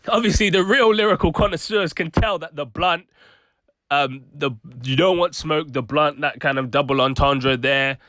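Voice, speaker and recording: A man's voice: fairly high pitch, moderate pace, pushed and bright, no room sound. A young man giving casual, chatty commentary on rap lyrics, laughing often and trailing off with fillers. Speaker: YouTube commentator.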